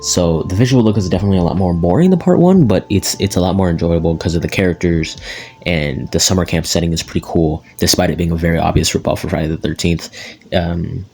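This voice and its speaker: A man's voice: deep voice, quick pace, gravelly, darkish tone, husky. A young man giving a casual, rambling movie review with lots of fillers and restarts. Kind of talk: casual spoken film review.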